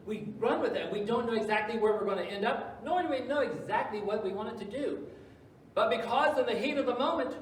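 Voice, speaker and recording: A man preaching a sermon as pastor, swinging between loud emphasis and hushed asides. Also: sits high, heavy reverb, far from the mic, slight background noise, poor audio. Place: church sanctuary.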